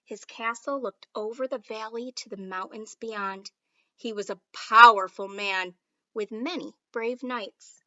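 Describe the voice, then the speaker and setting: Brief: woman storybook reader, high bright voice, slow and expressive, slightly muffled recording. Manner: expressive, unhurried. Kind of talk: storybook read-aloud.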